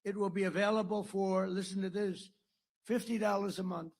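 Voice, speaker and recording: A man's voice: sits high, level tone, moderate pace, creaky. An older American man giving an after-dinner speech at a podium mic in a dinner hall, rambling, repeating himself and boasting. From United States. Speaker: political speaker.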